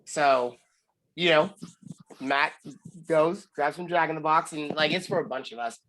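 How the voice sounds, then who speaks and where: A man's voice: a little high, a little slow, fairly bright tone, a little hiss or hum, poor audio. A man, rambling casually through a story, full of "like" and acted-out quotes. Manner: rambling, lots of "like", acts out quotes. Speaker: podcast co-host telling a story.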